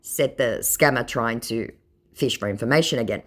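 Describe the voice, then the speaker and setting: A woman's voice: a bass voice, moderate pace. A woman narrating scam chat logs in a dry, sarcastic way. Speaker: scam baiter.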